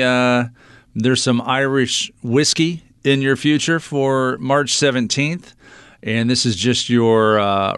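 Male radio host, casual and filler-heavy, mid pitch, close dry mic. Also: clear, resonant tone, no echo. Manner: relaxed, many fillers.

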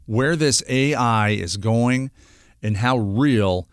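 A man's voice: medium pitch, slow pace, clean tone, no room sound, studio quality. A middle-aged man hosting a radio talk segment, talking earnestly and rambling with lots of fillers and restarts. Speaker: radio show host.

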